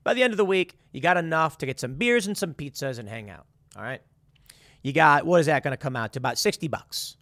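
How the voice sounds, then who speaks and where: Male commentator, animated and sarcastic, lively pitch, dry close sound. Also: quick pace, no room sound. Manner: animated, acts out quoted voices with sarcasm and restarts. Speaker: political commentator. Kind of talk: opinionated monologue.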